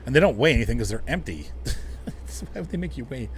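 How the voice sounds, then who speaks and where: A man's voice: mid-range voice, big pitch swings, quick pace, slight background noise. A man casually chatting with viewers while driving in a truck game, rambling and laughing often. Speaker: game streamer.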